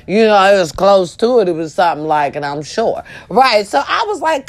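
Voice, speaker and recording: A woman's voice: medium pitch, animated, normal speed, few pauses. A woman talking casually to her viewers, telling a story with profanity and sudden shrieks. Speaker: vlogger.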